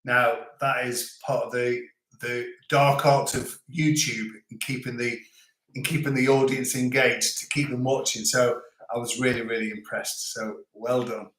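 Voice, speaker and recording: A man's voice: mid-range voice, fairly even intonation, unhurried, fairly bright tone. A man hosting a casual live chat, reading out viewer comments in a joking, rambling way. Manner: chatty, rambling, joking, many restarts. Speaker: livestream host. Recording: echoey room.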